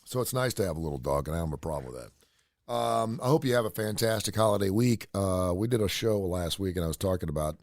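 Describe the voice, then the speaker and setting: A man's voice: low-pitched, expressive, fast talker, no echo, clean studio sound. A middle-aged man, hosting his own radio show in a rambling storytelling way with many fillers. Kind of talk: casual solo radio talk.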